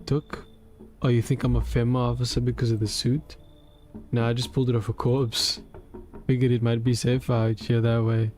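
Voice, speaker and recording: A man's voice: mid-range voice, flat delivery, moderate pace, a little mellow, soft background music, natural voice. A man voicing a rattled scavenger at the door. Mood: uneasy. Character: rattled young man in a scavenged suit, chatty and uneasy.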